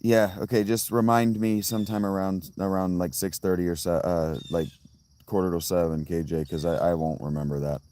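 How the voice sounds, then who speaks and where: Low-voiced rambling male streamer. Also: level tone, normal speed, mellow. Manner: rambling, tangential, many restarts. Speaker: livestreamer reading chat. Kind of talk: casual live-stream chat. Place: outdoors by a fountain.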